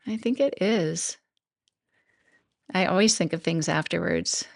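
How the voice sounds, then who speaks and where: A middle-aged woman with a lowish, gravelly voice, chatting on her own podcast. She thinks out loud, laughs easily and wanders between points. The sound is dry and close. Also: unhurried, no echo. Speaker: podcast host and coach. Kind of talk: casual solo podcast talk.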